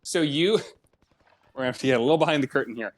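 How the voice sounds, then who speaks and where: A man co-hosting a casual podcast, talking in a relaxed way with halting restarts. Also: medium pitch. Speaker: podcast co-host. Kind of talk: casual banter among friends.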